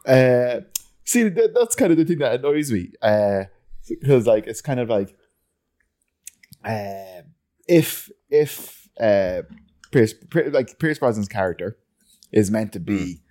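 A man co-hosting a podcast, chatting about a film in a halting way with many stops and restarts. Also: mid-range voice, lively intonation, dark tone. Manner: halting, full of fillers and restarts. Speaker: podcast co-host. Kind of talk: casual film review chat.

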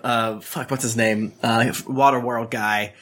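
A man's voice: medium pitch, fairly even intonation, a little slow, a bit bright. A man co-hosting a podcast, chatting casually about a book, joking and swearing. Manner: profane, joking, laughing. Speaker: podcast co-host. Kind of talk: casual book-club chat.

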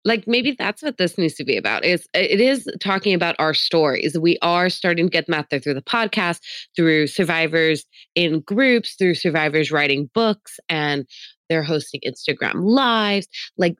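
A woman's voice: fairly low pitch, expressive, moderate pace, fairly bright tone, no echo. A woman co-hosting a podcast, chatting casually and upbeat with lots of fillers. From Mexican heritage. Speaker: podcast co-host.

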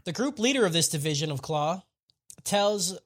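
A man casually recapping an anime episode with friends, swearing a lot, laughing often and acting out characters in quick quotes. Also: high-pitched, animated, fairly bright tone. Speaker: podcast co-host recapping an anime. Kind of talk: casual profane chat.

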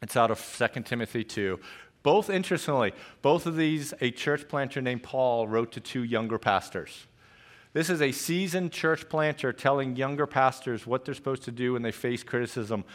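A male pastor delivering a lively sermon in a church, joking and growling playfully to make his points. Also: mid-range voice, moderate pace. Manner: animated, jokey preaching with playful growls.

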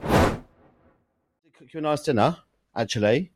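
A man's voice: mid-range voice, lively intonation, slow pace, dry recording, studio quality. A man co-hosting a podcast, chatting casually in a giggly, teasing and sweary way. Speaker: podcast co-host. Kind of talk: casual chat.

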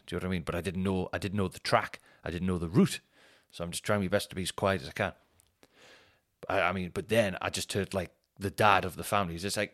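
Low-voiced comedian telling stories. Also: male voice, a bit bright. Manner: rambling, sweary, laughs at his own stories. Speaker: stand-up comedian and podcast host. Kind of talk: casual comic storytelling.

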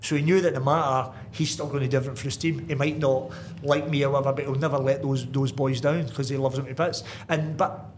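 Fast-talking man telling stories. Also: mid-range voice, slight background noise. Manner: lively storyteller, many restarts and asides. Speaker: guest, football manager. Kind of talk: casual anecdotal storytelling.

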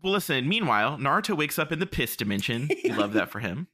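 A man co-hosts a podcast and recaps anime episodes in loose, animated chat. His voice is bright. He swears freely and laughs as he talks. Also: medium pitch, fast. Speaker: podcast co-host.

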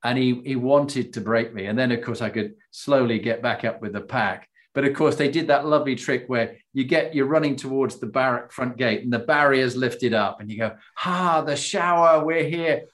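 A man hosting an interview, mid-pitched, telling stories with lively energy. He acts out the voices of the people in his stories and laughs often. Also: fairly quick, few pauses. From Britain. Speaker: podcast host, former army officer. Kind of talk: conversational interview, animated storytelling.

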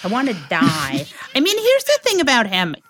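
A woman's voice: on the high side, huge pitch swings, moderate pace, fairly bright tone, no echo. Sarcastic woman cohost, swears a lot, voice bounces all over, dry close mic. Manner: blunt, sarcastic, swears freely. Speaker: podcast co-host. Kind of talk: casual chat.

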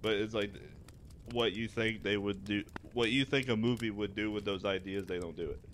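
A man's voice: on the low side, fairly even intonation, moderate pace, fairly bright tone, slight background noise. A man co-hosting a podcast, rambling with restarts and crude jokes in casual chat. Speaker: podcast co-host.

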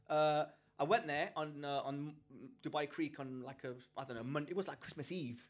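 A man from England co-hosting a podcast, telling a story in a lively, animated way and often restarting his sentences. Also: on the high side, a little fast, hardly any pauses. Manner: animated storyteller, acts out quoted people, frequent restarts. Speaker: podcast co-host. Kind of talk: casual chat, storytelling.

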